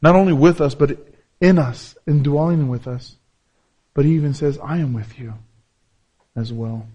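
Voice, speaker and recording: A man preaching a sermon as pastor, repeating key phrases and swinging between loud, emphatic peaks and low, soft passages. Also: normal speed, husky, lo-fi sound.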